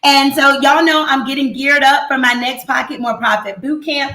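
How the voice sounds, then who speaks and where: A woman's voice: high-pitched, steady tone, moderate pace, bright, forceful tone, roomy sound. A woman accountant hosting a business talk show, talking straight and playfully with slang and repeats. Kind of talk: lively casual talk.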